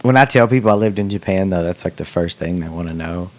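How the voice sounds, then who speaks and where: A man's voice: deep voice, quick pace. A middle-aged man hosting a podcast, chatting casually, rambling and joking with plenty of swearing. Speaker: podcast host. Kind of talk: casual chat.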